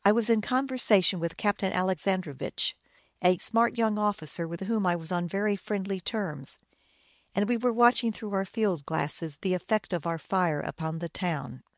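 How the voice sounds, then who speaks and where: A woman reading a first-person war story aloud, in a measured, grave storytelling manner. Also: medium pitch, no room sound, studio quality. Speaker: audiobook narrator.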